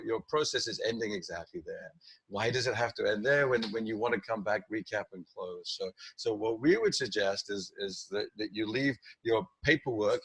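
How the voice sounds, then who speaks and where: A middle-aged man talking as a sales trainer in a podcast interview, animated, restarting sentences and acting out client lines. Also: lowish voice, breathy edge, no echo.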